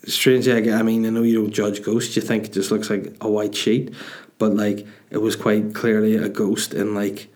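A man's voice: lowish voice, level tone, normal speed, darkish tone. A man with a Northern Irish accent hosting a comedy podcast, telling crude, rambling stories full of swearing. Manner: crude, meandering, profane. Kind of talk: rambling comic monologue.

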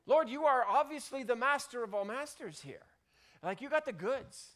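A man preacher voicing an eager male disciple who talks in breezy, slangy, excited bursts. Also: very high-pitched, moderate pace, pitched above the performer's own voice, full character voice. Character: eager adult male disciple, brash and admiring.

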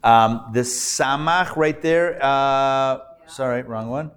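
Male rabbi, live classroom teacher, playful and upbeat, mid pitch. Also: fairly bright tone, smooth. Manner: upbeat, playful, breaks down sounds slowly. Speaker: Hebrew reading teacher, rabbi. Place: class hall, recorded live.

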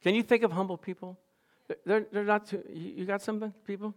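High-voiced man preaching with humor. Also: flat delivery, fast. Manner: humorous, storytelling, self-deprecating. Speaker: pastor. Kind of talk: sermon.

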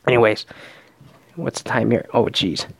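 A man's voice: fairly low pitch, fairly even intonation, normal speed, gravelly, husky. A man casually recapping a reality show, rambling and swearing often, and slipping into voices to mimic the people he quotes.

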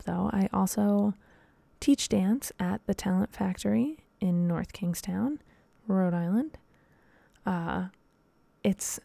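A woman's voice: mid-range voice, vocal fry, mellow, no echo. A young woman hosting a casual solo podcast, talking in a rambling, chatty way with lots of fillers. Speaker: podcast host and dance teacher.

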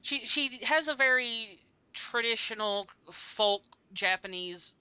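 A woman hosts a casual music podcast in a bright voice with a crisp, clean tone. She chats freely, laughing often and filling gaps with many fillers. The audio is dry but a little dull and lo-fi. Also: on the high side, expressive, slow, no room sound. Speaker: podcast host.

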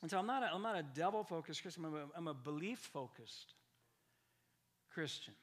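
A male pastor preaching with energy, his voice bright and forceful and fairly high. He restarts and repeats words, then punches key lines with sudden loud emphasis. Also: expressive, a little fast. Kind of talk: lively sermon.

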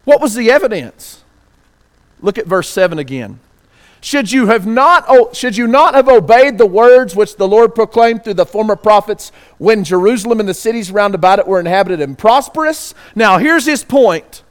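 Pastor with a high voice, preaching and questioning his listeners. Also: expressive. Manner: reads scripture aloud slowly. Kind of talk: sermon.

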